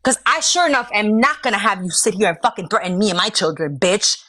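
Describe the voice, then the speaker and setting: A woman's voice: mid-range voice, expressive, fast talker, sharp tone. A woman in a heated live argument, confrontational and taunting with constant swearing. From Georgia, US. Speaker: live stream participant.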